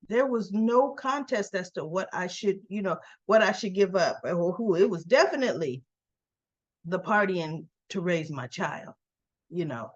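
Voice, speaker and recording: A woman's voice: on the low side, lively intonation, a little slow, dull audio. Chatty woman recapping a soap. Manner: chatty, retells scenes with "she goes" quotes. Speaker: soap opera recap vlogger. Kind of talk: casual episode recap.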